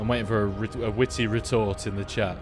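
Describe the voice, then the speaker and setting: A man's voice: fairly low pitch, fairly even intonation, fast talker. Man, casual joking, live game stream commentary, music behind. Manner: chatty, joking, swears freely.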